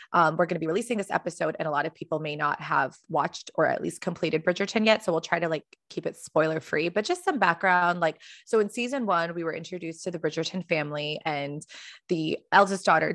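A woman's voice: fairly low pitch, creaky, a bit bright, dry recording, studio quality. A woman co-hosting a podcast in casual chat, talking in a chatty, wandering way and often correcting herself mid-sentence. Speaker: podcast co-host.

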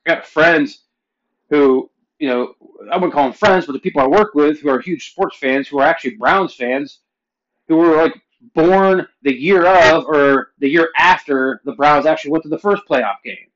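Man in his 40s, from Pennsylvania, foul-mouthed heated rant, a bit high-pitched, dull lo-fi sound. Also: moderate pace. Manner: profane, heated ranting that climbs louder and higher. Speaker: vlogger. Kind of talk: casual rant to camera.

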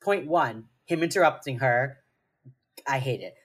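A woman with a bass voice talks unhurriedly, her tone a little rough and her intonation lively. She's co-hosting a podcast and casually recapping a TV episode, playful, swearing freely and peppering everything with "like."

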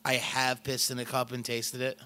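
A man co-hosting a podcast, animated and crude, swearing freely. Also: mid-range voice, moderate pace, smooth. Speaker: podcast co-host. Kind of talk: casual podcast banter.

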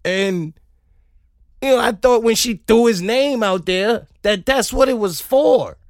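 A man hosting a podcast, telling funny stories in an animated, laughing, profane comic monologue, close on a studio mic. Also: very high-pitched, measured pace, no room sound. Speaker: podcast host. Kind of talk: comedic solo monologue.

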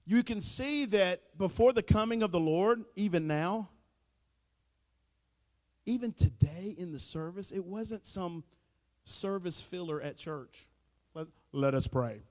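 Male pastor, high tenor, folksy fervent preaching, big echoey church sound. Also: takes it slowly. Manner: folksy, preachy, builds to shouting emphasis. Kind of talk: sermon. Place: church sanctuary.

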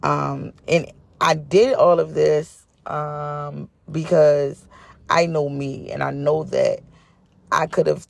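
A woman's voice: low-pitched, flat delivery, slow, gravelly, a little mellow, no room sound. A woman vlogger telling a story in a chatty, casual way, repeating phrases for emphasis.

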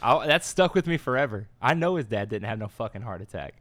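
A man co-hosting a podcast in casual chat, relaxed and making dry quips with casual swearing. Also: medium pitch, quick pace, no room sound. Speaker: podcast co-host.

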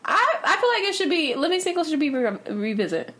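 A woman with a slightly high voice chats casually as a podcast co-host. She is opinionated and talkative, often trailing off and starting her sentences over. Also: sing-song, fairly quick, a bit bright, slight background noise. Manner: opinionated, chatty, trails off and restarts. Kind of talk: casual chat.

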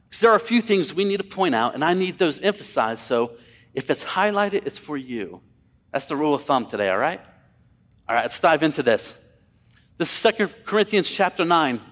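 A man's voice: a little high, fairly bright tone. A man preaching a sermon as pastor, talking conversationally and with emphasis, speaking directly to his congregation. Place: church sanctuary. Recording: long hall reverb.

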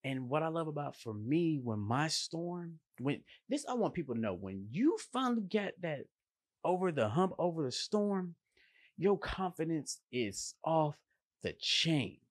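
A man, a line cook, giving a casual motivational monologue, animated and slangy, with playful emphasis and vocal sound effects. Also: a little high, measured pace, no echo.

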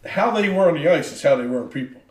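Man, casual sports chat, high voice, echoey room. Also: expressive, recorded from a distance. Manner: quick, chatty, lots of fillers. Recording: echoey, off-mic.

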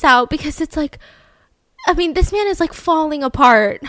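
A young woman retells a case to her co-host in a casual, talkative way, with a lot of "like" and "I mean". Her voice sits a little high. The sound is close and dry, with no room around it. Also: normal speed, a bit bright, dry recording. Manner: chatty, leans on fillers like "like" and "I mean". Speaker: podcast co-host. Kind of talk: casual true-crime storytelling.

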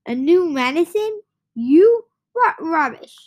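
A woman reading aloud, voicing a bossy, boastful old grandmother who shouts and scoffs. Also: high voice, a little slow. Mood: scornful. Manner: shouting, scornful.

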